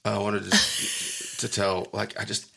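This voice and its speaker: A man's voice: on the low side, completely flat delivery, a little slow, creaky, sharp tone, slight background noise. A middle-aged man hosting a podcast in casual, joking chat, teasing and laughing often. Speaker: podcast host.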